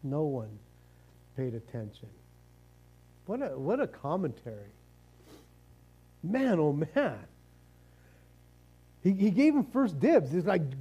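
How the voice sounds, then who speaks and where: High-voiced, mellow male preacher. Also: big pitch swings, slow, long pauses, slightly rough, poor audio. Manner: casual, joking preacher, conversational asides and repeated starts. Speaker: pastor. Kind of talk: sermon.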